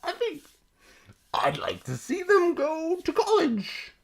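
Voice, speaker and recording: Teasing podcast cohost, swoopy pitch, bit gravelly, laughs a lot. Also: huge pitch swings, takes it slowly. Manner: playful and teasing, laughs often. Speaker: podcast co-host. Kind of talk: casual chat.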